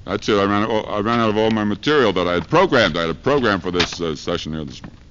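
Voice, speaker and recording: Speaking quickly in a fairly low, somewhat bright voice, this man performs a profane, meandering comedy routine with rhyming chants as a street preacher comedian. It is a 1970s live archive recording from a university lecture hall crowd. The dull, lo-fi sound carries a slight hiss or hum.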